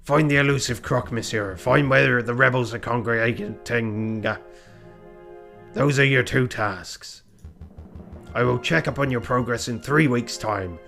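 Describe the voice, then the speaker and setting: A stern male bird police inspector from a game, read out by a man. He speaks briskly and gives orders without warmth. The voice stays close to an everyday man's pitch. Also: creaky, faint music behind. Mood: commanding.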